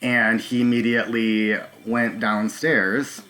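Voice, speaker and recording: A man hosting a live stream, talking straight to his viewers in a halting, nervous way with many filler ums. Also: on the low side, flat delivery, sharp tone, slight background noise. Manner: talks to viewers directly. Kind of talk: live stream recounting events.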